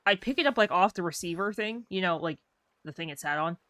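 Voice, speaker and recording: A woman's voice: fairly low pitch, fast talker, a bit bright, no echo. A young woman streamer chatting casually while she plays, rambling through stories and saying "like" a lot. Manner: rambling storyteller, heavy use of "like". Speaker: game streamer. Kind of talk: casual chat while gaming.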